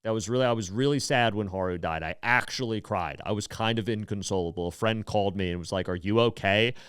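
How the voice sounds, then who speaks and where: A man in his thirties hosting a podcast, talking in a rambling, animated way with swearing and emotional swings. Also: lowish voice, fast talker, clear, resonant tone, no echo, studio quality. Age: 30s. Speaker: podcast host. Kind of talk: casual comedic monologue.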